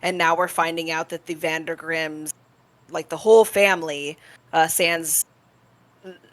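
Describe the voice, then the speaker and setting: A woman's voice: low-pitched, steady tone, unhurried, no echo. A woman tabletop player who chats casually, rambles through lore explanations and swears freely.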